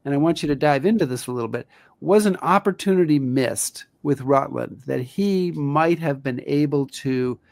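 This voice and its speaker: A man co-hosting a history show, asking the guest direct, measured questions. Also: medium pitch, gravelly, darkish tone, no room sound. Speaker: podcast co-host. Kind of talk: interview questions.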